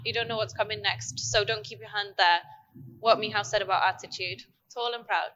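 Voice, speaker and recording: Woman dance teacher chiming in w quick tips, bright voice, far off, dull echoey room. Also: medium pitch, fairly even intonation. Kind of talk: adding coaching tips. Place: dance studio.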